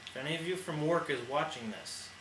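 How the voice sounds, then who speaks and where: Casting: young male co-host, slightly high voice, loose and joking, recorded in an echoey room with background noise. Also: fairly quick, fairly bright tone. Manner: rambling, laughing, ad-libbing jokes. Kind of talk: casual chat. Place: indoor room.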